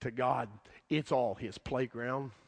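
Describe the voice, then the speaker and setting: A man's voice: medium pitch, steady tone, takes it slowly, gravelly. Dramatic preacher man in a reverberant hall. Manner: dramatic, swings from loud to hushed; acts out quoted voices in the story. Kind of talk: sermon.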